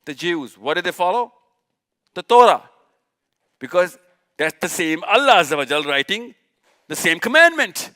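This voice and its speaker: A man's voice: sits high, sing-song, normal speed, long pauses, bright, forceful tone. Emphatic man. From Pakistan. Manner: emphatic, rhetorical questions, repeats points. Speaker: speaker at a live session. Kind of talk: impassioned religious lecture.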